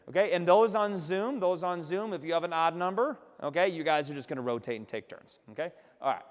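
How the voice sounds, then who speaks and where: A man's voice: fairly high pitch, long reverb tail. A man teaching a live business workshop, coaching energetically and checking in with "okay?" after nearly every sentence. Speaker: workshop instructor. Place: seminar room with remote attendees.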